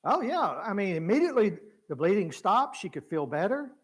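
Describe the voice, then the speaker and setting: A man's voice: high-pitched, brisk, husky. A man preaching in a church, teaching conversationally and acting out the voices of people in the story. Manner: acts out biblical voices with lively shifts, chuckles. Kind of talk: conversational Bible class teaching.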